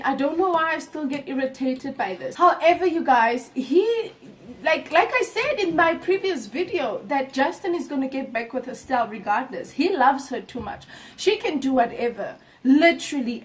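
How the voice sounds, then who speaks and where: A young woman recapping a reality show episode for her viewers in a casual, animated and exasperated way, often calling out "you guys". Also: high-pitched, recorded from a distance. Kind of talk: casual chat to camera.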